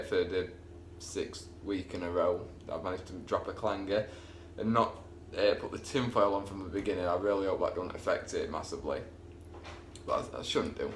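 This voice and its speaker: A man's voice: sits low, slight background noise. A man chatting casually as he cooks in his home kitchen, rambling and poking fun at himself. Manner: chatty, rambling, self-deprecating. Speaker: home cooking vlogger. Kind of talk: casual cooking commentary.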